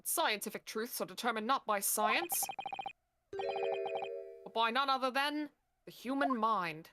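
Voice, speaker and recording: A woman's voice: on the high side, lively intonation, a little slow, loud music behind the voice. A woman voicing an eccentric, theatrical male detective with grandiose delivery. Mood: lofty.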